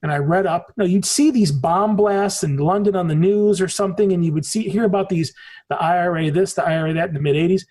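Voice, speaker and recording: A husky man in his forties from the United States talks as a podcast guest, his voice sitting high for a man. He tells stories in a loose, rambling way, leaning hard on his points and swearing casually. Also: fast talker, darkish tone. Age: 40s. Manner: rambling, emphatic storytelling with frequent swearing. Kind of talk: casual conversation.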